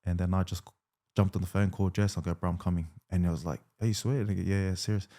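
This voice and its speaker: Rugby league player guest, 30s man, deep voice, easygoing storytelling with fillers. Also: fast talker. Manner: relaxed, lots of fillers and quoted dialogue. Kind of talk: casual storytelling interview.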